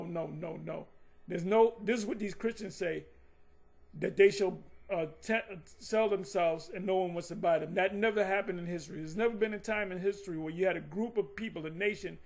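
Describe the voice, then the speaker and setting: A man's voice: high-pitched, vocal fry. A man giving combative, mocking commentary on scripture, rambling with frequent restarts. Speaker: religious commentator.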